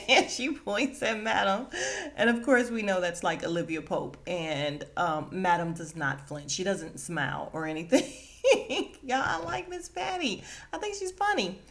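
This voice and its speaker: A woman hosting a casual podcast, recapping a TV episode with animated retelling, acting out the characters' lines and laughing often. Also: mid-range voice, a little slow.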